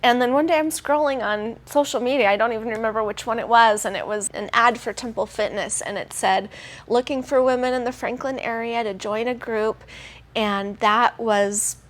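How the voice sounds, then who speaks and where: A woman's voice: fairly high pitch, moderate pace. A woman in her forties with a Southern American accent, telling her personal fitness story in an earnest, emotional testimonial. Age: 40s. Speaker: gym client giving a testimonial. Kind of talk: testimonial interview.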